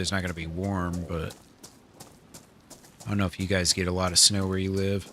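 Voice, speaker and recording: Chill guy streaming a game, bright tense voice, cusses a lot, chuckles at chat. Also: fairly low pitch, a little hiss or hum. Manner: laid-back, swears a lot, chuckles often. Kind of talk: casual live-stream chat with viewers.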